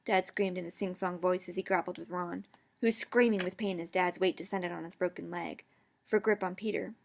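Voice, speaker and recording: A woman's voice: on the low side, steady tone, a little fast, vocal fry, a little hiss or hum. A woman reading a fan story aloud, stumbling and correcting misread words. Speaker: fan fiction reader.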